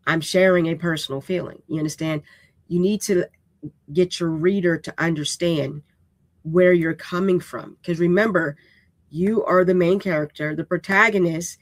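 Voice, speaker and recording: A woman's voice: lowish voice, a bit bright, no room sound. Blunt, casual woman teaching writing. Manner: casual and direct, checks in with "okay?"; unapologetically raw way of speaking. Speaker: writing instructor and host. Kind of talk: live-streamed writing lesson.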